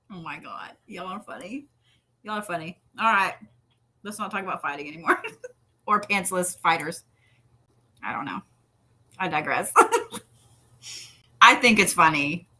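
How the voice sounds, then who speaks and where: A woman guest chatting casually, telling animated stories, laughing often and swearing now and then. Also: lowish voice, slow pace, pauses often, breathy edge. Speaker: interview guest, pro wrestler. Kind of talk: casual storytelling chat.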